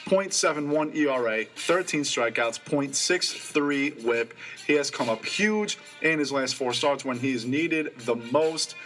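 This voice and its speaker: Fast, stat-reciting young sports host. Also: male voice, on the high side, fairly bright tone, soft background music. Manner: quick, stat-heavy, enthusiastic. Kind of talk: college radio sports talk.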